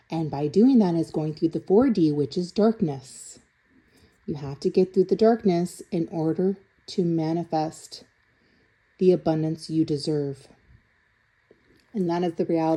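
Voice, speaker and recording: A woman's voice: mid-range voice, warm tone. A young woman doing a casual tarot reading to camera, blunt and teasing, who keeps checking in with "okay?". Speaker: tarot reader.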